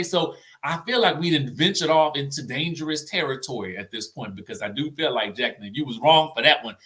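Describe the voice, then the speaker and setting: A man hosting a casual reality-TV recap, chatty and animated, often tagging his sentences with "okay?" and "you know what I'm saying?". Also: medium pitch, brisk, few pauses. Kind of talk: casual commentary vlog.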